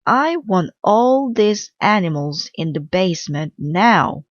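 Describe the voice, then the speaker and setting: Woman voicing a firm kind mother, storybook read-aloud, low-ish voice, dry. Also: very animated, takes it slowly, dry recording, full character voice. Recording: slightly dull dry recording.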